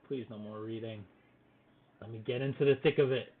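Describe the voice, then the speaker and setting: A man's voice: lowish voice, fairly even intonation, a little fast. A man hosting a strategy game playthrough, chatting casually and reading the game's story text aloud with restarts. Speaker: gaming channel host. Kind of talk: let's-play commentary, reading game text. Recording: tinny phone-like audio with faint hiss.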